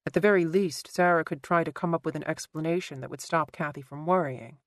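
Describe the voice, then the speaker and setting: A woman narrating a thriller audiobook in a measured, even storytelling manner. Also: low-pitched, no room sound. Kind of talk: scripted narration.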